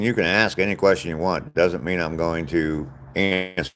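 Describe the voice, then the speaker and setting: An older man chats casually on a live stream, answering viewer comments in a plain, direct way. His voice sits very low. A faint hum runs underneath. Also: steady tone, moderate pace, fairly bright tone. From Southern US.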